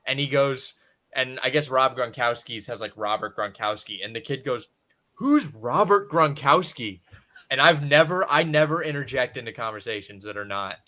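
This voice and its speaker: A man's voice: mid-range voice, a little fast. A man co-hosting a podcast, telling stories and joking in casual chat. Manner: animated storyteller, joking. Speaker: podcast co-host.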